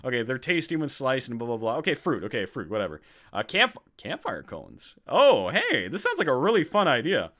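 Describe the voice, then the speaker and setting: Excitable podcast host with lively pitch. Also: male voice, fairly quick. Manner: excitable, reacts loudly while reading aloud. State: hungry. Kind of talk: casual live-stream podcast chat.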